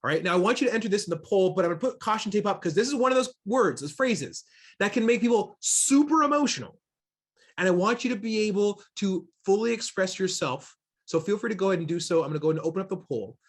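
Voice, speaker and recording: A man's voice: high voice, lively intonation, fast talker. A man from Seattle leading an online diversity workshop, emphatic and full of questions for his audience, talking into a computer mic. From Seattle, USA. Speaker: diversity trainer.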